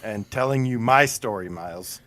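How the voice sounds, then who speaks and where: A man's voice: fairly low pitch, moderate pace, fairly bright tone. A man co-hosting a live gaming show, teasing and joking with the others. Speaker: co-host. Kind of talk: casual chat.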